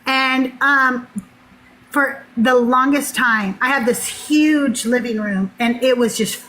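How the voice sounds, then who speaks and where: A woman telling a personal story in casual talk, animated and laughing often. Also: high voice, slow pace, low-quality recording. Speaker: podcast guest.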